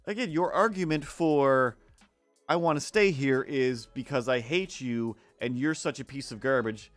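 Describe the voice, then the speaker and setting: A man's voice: mid-range voice, smooth, no room sound. A man tells a long, sarcastic story while drawing on a stream and slips into the voices of the people he quotes. The sound is dry and close, with faint music playing underneath. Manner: rambling, sarcastic, acts out quoted neighbors. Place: home art stream setup.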